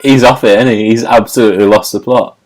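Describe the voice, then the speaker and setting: Guy hosting a live video chat, lowish voice, jokey, laughing a lot. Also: fairly even intonation, fast talker, darkish tone. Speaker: host. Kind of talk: casual online chat show. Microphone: video call.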